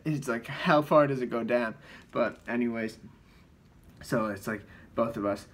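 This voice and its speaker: A comedian with a mid-range voice talks a little slowly, casually recounting his sketches in a rambling way. Expect lots of "like," frequent restarts, and brief voice mimicry, with the roomy sound of a distant mic.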